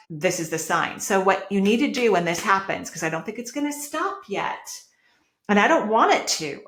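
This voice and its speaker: A woman hosting a podcast, giving emphatic, animated spiritual advice and laughing easily. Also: medium pitch. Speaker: podcast host and intuitive. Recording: roomy echo.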